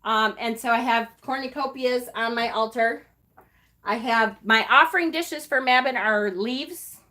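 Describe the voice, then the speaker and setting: A woman's voice: fairly high pitch, unhurried, pushed and bright. A middle-aged woman hosting a casual live stream, chatty and affectionate, with many fillers and emotional asides. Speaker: livestream host.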